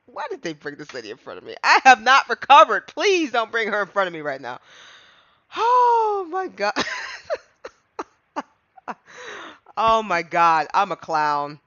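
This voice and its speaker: A man streaming a game live, giggly and excitable, reading dialogue and laughing often, on muffled stream audio. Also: sits high, normal speed, no echo.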